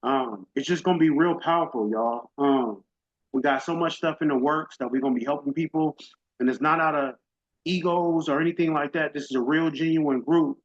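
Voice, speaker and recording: A man's voice: a little high, moderate pace. A middle-aged man speaking at a summit, giving a heartfelt personal testimony in an emotional, faith-driven, casual and direct way. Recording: dull lo-fi audio.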